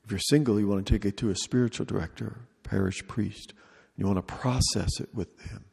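Man giving a retreat talk, low husky gravelly voice, slow and deliberate with repeated phrases, echoing in a big hall. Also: a little mellow. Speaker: retreat leader. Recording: long reverb of a large hall.

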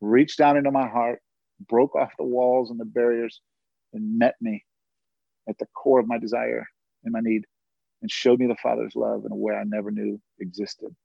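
A man's voice: medium pitch, level tone, normal speed, creaky, breathy edge, no room sound, dull audio. A man giving a personal faith testimony, telling his story earnestly with occasional laughs and asides.

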